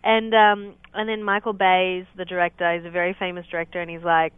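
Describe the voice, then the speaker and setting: A woman's voice: fairly low pitch, level tone, fairly quick, hardly any pauses, clean tone, dry recording. A woman actress from Australia, calling in as a guest and joking with a lot of laughter. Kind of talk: casual phone interview. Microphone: telephone. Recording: tinny phone line.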